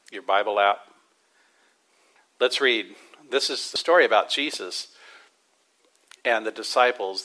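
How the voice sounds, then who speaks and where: A man preaching a sermon to a church congregation, stressing words with slow emphasis and then dropping to a quiet hush. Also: mid-range voice, poor audio. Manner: emphatic preaching with drawn-out stresses and sudden soft drops. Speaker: pastor.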